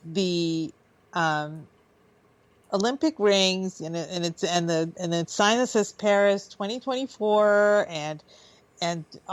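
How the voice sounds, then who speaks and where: A woman's voice: mid-range voice, no echo. A woman co-hosting a radio talk show, telling chatty stories with frequent laughs. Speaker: co-host. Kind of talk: casual chat.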